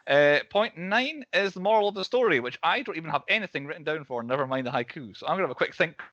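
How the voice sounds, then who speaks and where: A man's voice: on the high side, animated, fast talker, fairly bright tone, no echo, dull audio. A man hosting a casual film podcast, laughing often as he moves through the categories. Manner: laughs often, runs the segments. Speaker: podcast host.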